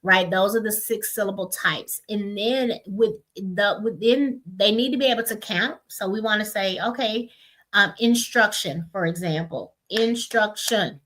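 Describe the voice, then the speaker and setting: A woman teaching parents how to split long words into syllables, explaining step by step, sounding out words slowly and often checking in with "right?". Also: medium pitch, fairly bright tone. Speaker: literacy instructor. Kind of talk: parent education webinar.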